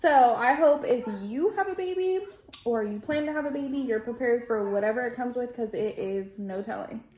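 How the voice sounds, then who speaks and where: A young woman chatting casually as co-host of a sisters' vlog, relaxed and talking while she eats. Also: on the high side, normal speed, reverberant. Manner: relaxed, talks while eating. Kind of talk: casual chat.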